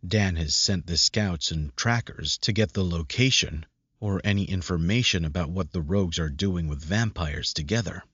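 A man's voice: sits low, moderate pace, fairly bright tone, breathy edge, dry recording. A man reading a first-person audiobook in a brooding, self-questioning way. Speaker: audiobook narrator. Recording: dull lo-fi recording.

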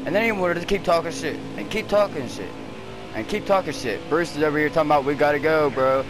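A man's voice: fairly high pitch, animated, fast, over music, low-quality recording. A man trash-talking heatedly and cursing while racing online with friends over a headset at home. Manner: profane, ranting, heated, talks to teammates. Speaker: gamer streaming online racing. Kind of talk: angry gaming trash talk.

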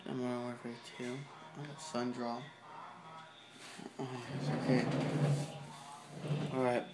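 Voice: medium pitch, flat delivery, unhurried, very noisy. Casual vlogger, offhand, rambling, goofy, handheld camera, bedroom. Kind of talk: casual rambling home video.

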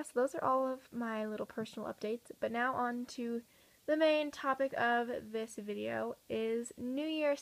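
Teen girl vlogger, higher-pitched, slightly raspy, earnest rambling chat to camera from home. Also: a bit bright, rough recording. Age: teens. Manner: chatty, earnest, many fillers and restarts. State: slightly raspy from talking a lot. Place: at home at night.

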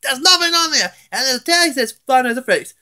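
A man's voice: extremely high pitch, expressive, moderate pace, sharp tone. A man ranting in a casual home vlog, angry and swearing, often stammering and restarting his words. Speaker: vlogger. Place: at home, indoors.

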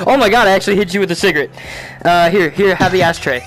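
A young adult gaming host commentates casually on a VR game, swearing at and talking to the characters, often breaking into shouts and loud laughter. He has a medium pitch, talks fast, and soft music plays in the background.

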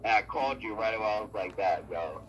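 A man co-hosting a radio show, relaxed and conversational as he reads news aloud. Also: lowish voice, racing, lo-fi sound. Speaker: radio co-host. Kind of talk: casual radio chat and reading news aloud. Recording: noisy line.

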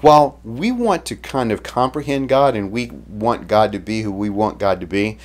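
Speaking at a normal pace in a somewhat low voice, this pastor keeps his sermon easygoing and conversational. He recounts the story loosely, often backing up to start a sentence over.

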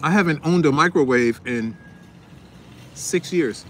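Standing outside in a windy parking lot, a high-voiced man from Newark, New Jersey chats straight to the camera for his casual food vlog, mouth full as he talks. His intonation is lively but his pace measured, and he's slightly sniffly. Faint wind noise sits underneath.

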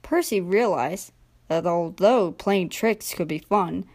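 A young woman narrating a children's train storybook in a gentle, expressive read-aloud manner. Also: lowish voice, takes it slowly. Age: young adult. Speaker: storybook reader.

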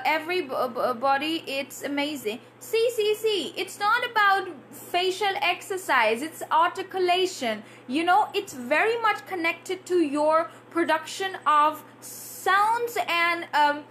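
A woman's voice: high voice, fairly bright tone, slight background noise. A woman English trainer and IELTS coach giving a live-streamed Q&A lesson, drilling tongue twisters aloud and answering viewer comments.

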